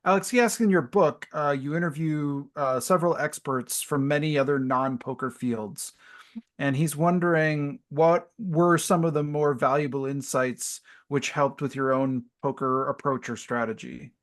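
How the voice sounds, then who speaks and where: Higher-voiced man reading chat questions. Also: steady tone. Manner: halting, searching for words. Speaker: co-host reading viewer questions. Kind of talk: casual interview chat.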